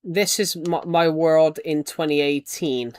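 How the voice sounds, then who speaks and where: A man's voice: on the high side, steady tone, a little slow, a little mellow. Young British man streaming a game. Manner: chatty, thanks donors, trails off in restarts. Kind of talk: casual live-stream chat.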